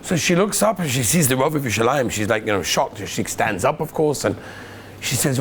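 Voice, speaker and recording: A man, a rabbi in a yeshiva, telling a story in an animated way and mixing Hebrew and Yiddish words into his talk. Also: medium pitch, brisk, a little hiss or hum. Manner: animated storyteller, acts out the voices in his tale. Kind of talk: casual Torah talk with a story.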